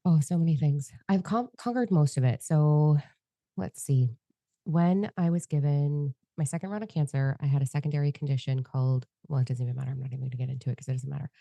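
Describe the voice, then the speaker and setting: Woman co-host, unusually low and dark voice, open and expressive storyteller, casual heart-to-heart podcast talk. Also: fast, creaky, dry recording. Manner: candid, free-flowing, expressive storyteller.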